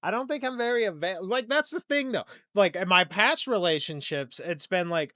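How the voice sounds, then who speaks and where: A man's voice: sits high, expressive, normal speed, sharp tone, dry recording. Rambling young man, dry close mic. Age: young adult. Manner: rambling, self-deprecating, swings between mumbling and emphatic. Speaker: podcast host. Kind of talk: casual solo podcast monologue.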